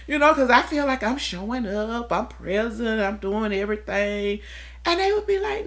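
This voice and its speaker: A woman in a relaxed discussion, talking candidly and earnestly about her own experiences and acting out the people she quotes. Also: fairly high pitch, normal speed. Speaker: discussion panelist. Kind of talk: reflective conversational talk.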